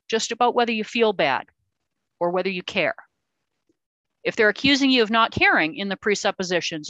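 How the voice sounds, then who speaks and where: A woman speaking in a mid-range, fairly bright voice gives an informal meeting-hall lecture on verbal self-defense. She explains techniques, acts out sample lines in other voices, and uses fillers and restarts. The recording is low quality, without echo.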